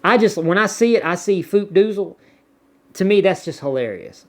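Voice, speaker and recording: A man's voice: high voice, expressive, moderate pace. A man with a Southern US accent chatting casually as a vlogger, rambling and repeating words as he reads viewer comments. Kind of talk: casual chat.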